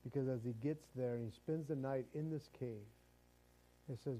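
A man's voice: medium pitch, normal speed, mellow, poor audio. A male pastor giving a conversational sermon who often repeats words and chuckles as he talks.

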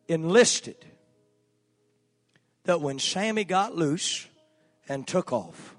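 Earnest preacher telling a folksy story. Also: male voice, on the high side. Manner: folksy, earnest, with filler pauses. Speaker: pastor. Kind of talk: sermon storytelling. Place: church sanctuary. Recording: long church hall reverb, faint music.

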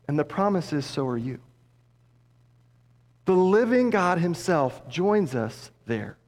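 A man preaching a sermon as pastor, passionate, dropping low and soft for emphasis. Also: sing-song, slow pace. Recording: long hall reverb.

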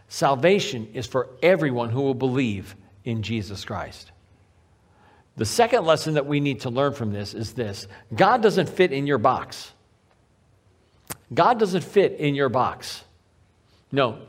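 A man preaching a sermon as pastor, repeating key phrases for emphasis and slowing down on the main points. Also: on the high side. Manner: varies pace, slowing on key lines.

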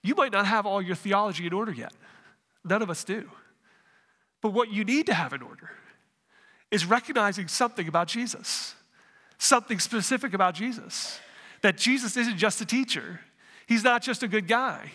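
A man preaching a sermon as pastor, earnest, with dramatic pauses, in a church sanctuary. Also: sits high, bright, forceful tone, big-room sound.

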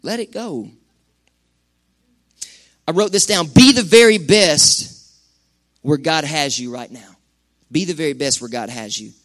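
A man's voice: on the high side, normal speed. Impassioned man preaching a sermon. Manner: impassioned, conversational preaching with sudden loud peaks and hushed drops. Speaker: pastor. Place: church sanctuary.

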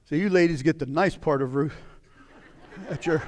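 In this sermon, a middle-aged man serving as pastor swings from impassioned shouts to low, exhausted murmurs. He talks at a normal speed, with a faint crowd audible.

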